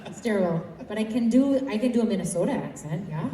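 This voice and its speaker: A woman's voice: medium pitch, expressive, fast talker, crowd noise. A woman with a Saskatchewan accent joking on a convention panel, bubbly and playful. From Saskatchewan, Canada. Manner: bubbly, jokey, playing up her accent. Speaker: actor on a panel. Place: large convention hall stage. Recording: echoey hall from far off.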